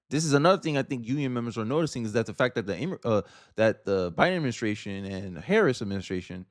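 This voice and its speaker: A man's voice: mid-range voice, dry recording, clean studio sound. A man giving casual video commentary, blunt and opinionated, ranting about politics.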